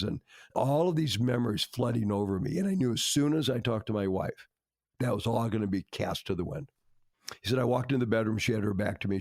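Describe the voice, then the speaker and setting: Older male podcast host, gravelly, dry close mic, earnest dramatic storyteller. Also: lowish voice, a little mellow, no echo. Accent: American. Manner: earnest, dramatic retelling with quoted dialogue. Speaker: marriage counselor, podcast host.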